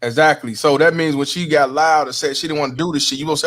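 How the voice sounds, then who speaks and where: A man's voice: a little high, steady tone, quick pace, a bit bright. A man joining a livestream as a guest, chiming in and agreeing with the host in casual chat. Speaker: guest on the stream.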